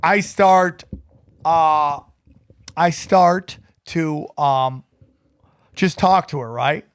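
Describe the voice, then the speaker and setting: A man's voice: a little high, drawn-out words, clean tone. A man co-hosting a casual podcast, telling a rambling story and acting out the voices of the people in it. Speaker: podcast co-host.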